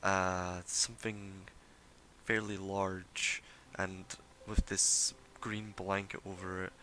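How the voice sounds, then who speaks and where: Bright-voiced male game master. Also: deep voice, little pitch movement, a little hiss or hum. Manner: casual, rambling, with filler pauses. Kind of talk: narrating a tabletop game.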